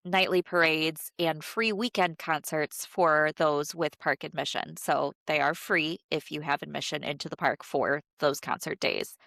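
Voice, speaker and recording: A woman with a low, nasal voice, still stuffy from a cold. She chats casually as a podcast co-host, leaning on fillers. The sound is dry and close, with no room around it. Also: steady tone, measured pace, gravelly, few pauses, fairly bright tone, dry recording. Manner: chatty, many fillers, laughs often. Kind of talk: casual chat.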